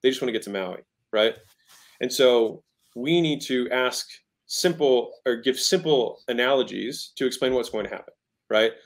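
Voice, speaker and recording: A man's voice: medium pitch, moderate pace, creaky. Guy on an interview podcast breaking down sales, emphatic, keeps saying right?. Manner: acts out tones of voice to make points. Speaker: guest entrepreneur. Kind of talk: casual interview, teaching sales.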